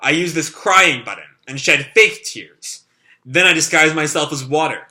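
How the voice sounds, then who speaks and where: A man voicing a cocky young man who calmly lays out how he tricked his foe. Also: fairly high pitch, normal speed. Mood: smug.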